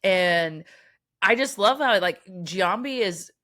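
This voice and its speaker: A woman co-hosting a podcast in casual chat, animated and swearing, acting out quotes from the film. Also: mid-range voice, slow. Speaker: podcast co-host.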